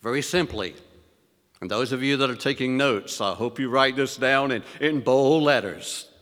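A male preacher delivering a sermon with deliberate emphasis, questioning the congregation and reading scripture in lifted tones. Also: medium pitch, a bit bright, long reverb tail. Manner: reads scripture in elevated, rising tones.

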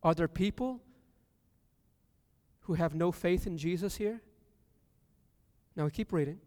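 A man with a high, smooth and clear voice preaches a sermon, reading scripture and asking the congregation questions. He swells into loud emphasis as he drives his points home. His voice rings out with a long reverb in a church hall. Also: a little slow.

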